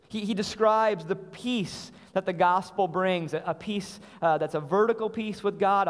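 A man preaching a sermon in earnest, repeating phrases and asking rhetorical questions. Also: high voice. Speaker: pastor. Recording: long hall reverb.

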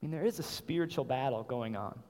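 A man's voice: mid-range voice, fast talker, darkish tone. A man preaching a sermon in earnest, repeating phrases and asking rhetorical questions. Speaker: pastor. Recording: long hall reverb.

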